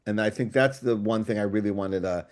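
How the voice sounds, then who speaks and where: A man, a writer and guest on a book club show, talking over a video call in a casual discussion, enthusiastic and thinking out loud in long digressions. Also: lowish voice, brisk.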